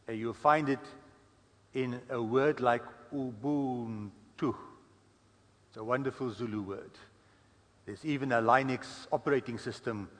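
A man's voice: medium pitch, big-room sound. A man preaching a sermon in a conversational storytelling way, with frequent fillers. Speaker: guest preacher.

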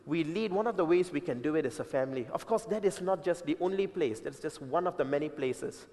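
A man preaching a sermon with emphatic, repeated points and deliberate changes of pace. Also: fairly high pitch, expressive, mellow. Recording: long reverb of a large hall.

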